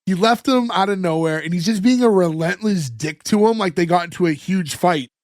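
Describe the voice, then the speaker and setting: High-voiced man recapping animatedly. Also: fairly quick, dry recording, studio quality. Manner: animated, retells scenes by acting out the lines. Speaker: podcast co-host recapping an episode. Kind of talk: casual chat.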